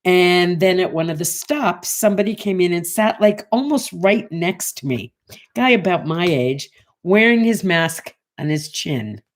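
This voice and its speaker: A woman's voice: fairly low pitch, measured pace. A woman in her sixties hosting a morning show, telling a casual story and acting out the voices of the people in it. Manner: animated, acts out voices in her anecdotes.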